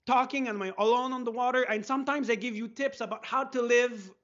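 A man from Quebec with a Quebec French accent, a French speaker chatting in English as a guest, excitable and laughing, swearing freely. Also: very high-pitched, fairly quick. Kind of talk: casual chat. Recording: dull lo-fi sound.

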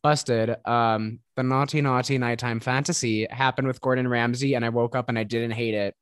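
A man's voice: medium pitch, steady tone, moderate pace, smooth, dry recording, studio quality. A man with a Midwestern accent co-hosting a podcast, bantering playfully with frequent giggles. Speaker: podcast co-host. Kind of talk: casual chat.

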